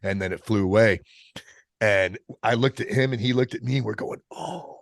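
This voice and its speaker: A middle-aged man, a military veteran guest on a podcast, telling a personal story in a casual, profane way, halting and restarting as he goes. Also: lowish voice, gravelly, no room sound, studio quality. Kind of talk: candid storytelling in an interview.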